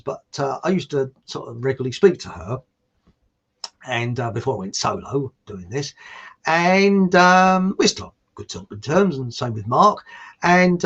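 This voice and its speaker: His voice is a little high, gravelly and husky, with a fairly bright tone, and the highs are cut off in the audio. On his own online show he chats in a rambling live-stream manner, joking, laughing at his own quips, and reading viewer comments out loud.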